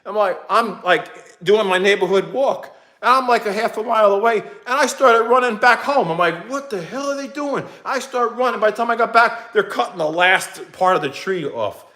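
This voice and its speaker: High-voiced man ranting in a rambling way. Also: normal speed, few pauses. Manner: animated, rambling, acts out quotes. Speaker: vlogger. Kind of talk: casual ranting storytime.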